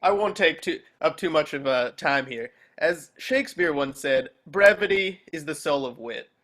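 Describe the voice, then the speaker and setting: A man's voice: fairly high pitch, animated, moderate pace, fairly bright tone. A man reading a chipper, nervous afterlife architect who rambles and stumbles while giving a speech over a video call.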